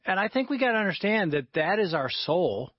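A man's voice: high voice, very animated, a little fast, no room sound. A man co-hosting a casual conversation, building his point through an everyday comparison. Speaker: co-host. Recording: dull dry studio sound.

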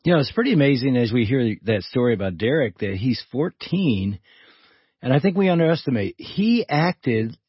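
A man's voice: medium pitch, very animated, normal speed, slightly rough, no room sound, lo-fi sound. A man hosting a radio interview, asking thoughtful questions in a conversational way. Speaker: radio host.

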